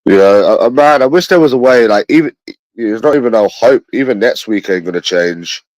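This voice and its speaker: A man's voice: medium pitch, expressive, a little fast, a little mellow, no echo, rough recording. A man with a London accent, talking to his viewers in a rambling livestream monologue. He sounds bitter, repeats himself and swears often.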